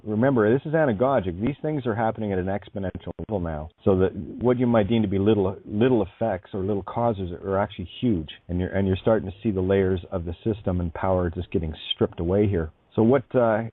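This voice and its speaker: Male storyteller, low-pitched, meandering and full of fillers, phone-quality dry audio. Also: fairly quick, few pauses, breathy edge, no echo. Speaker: online speaker. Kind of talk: rambling spoken storytelling. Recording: dry, tinny phone-like sound.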